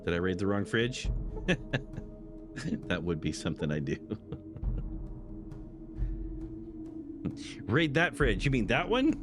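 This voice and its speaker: Man hosting a let's-play, low voice, slow and lively, chatty. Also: over music. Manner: chatty, laughs often. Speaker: gaming channel host. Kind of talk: casual let's-play commentary.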